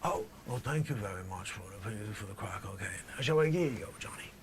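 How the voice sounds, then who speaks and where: A man voicing a brash, tough-talking middle-aged male drug dealer who swaggers and boasts, swinging from loud claims to low mutters in a comedy sketch. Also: lively intonation, fast talker, background noise, natural voice. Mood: swaggering.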